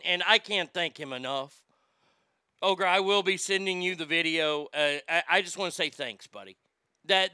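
A man hosting a casual morning live stream, reading out chat messages with loud, animated swearing. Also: high-pitched, clear, resonant tone, no room sound, studio quality.

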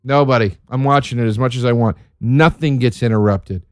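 A man doing a profane, sarcastic stand-up routine, ranting and jumping from loud high outbursts to low mutters. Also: brisk, no room sound, clean studio sound. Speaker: stand-up comedian.

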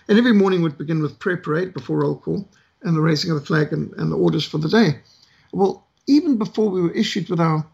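A middle-aged South African man telling a story from his past, unhurried and pausing often with "uh". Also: a little high, gravelly, slightly rough, highs cut off. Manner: unhurried with frequent "uh" pauses. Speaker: ministry speaker. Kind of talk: storytelling testimony.

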